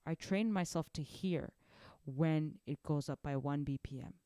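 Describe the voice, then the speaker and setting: A young woman giving a casual drum lesson, animated and rambling, often restarting her sentences. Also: deep voice, unhurried, clear, resonant tone, dry recording, clean studio sound. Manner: animated, rambling, self-correcting. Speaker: drum teacher.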